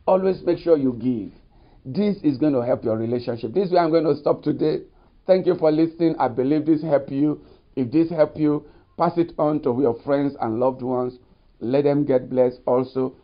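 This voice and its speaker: Lo-fi preacher, higher male voice. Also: normal speed. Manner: repetitive, uses "you see" and "you know" often. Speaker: pastor. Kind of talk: recorded sermon. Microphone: studio mic. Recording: dull lo-fi recording.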